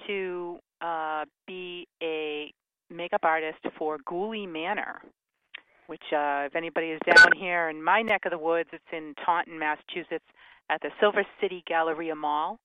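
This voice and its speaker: A man's voice: on the high side, fairly even intonation, moderate pace, no echo. A male radio co-host in casual talk, chatty and upbeat. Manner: chatty, upbeat self-promotion. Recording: phone-like lo-fi radio sound.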